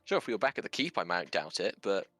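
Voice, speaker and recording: A man playing in a tabletop game, chatting casually and asking quick questions. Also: low voice, very animated, fairly bright tone, dry recording, soft background music. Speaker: player.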